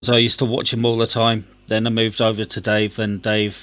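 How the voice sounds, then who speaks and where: A man's voice: on the low side, level tone, fairly quick, fairly bright tone, no echo. Man, dry teasing banter, casual group chat, close dry recording. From England. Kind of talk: casual chat among friends.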